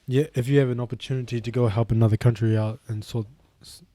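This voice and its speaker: A young man with a New Zealand accent, telling stories in a casual podcast chat, animated and swearing a lot as he acts out what people said. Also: medium pitch, fast talker, no echo.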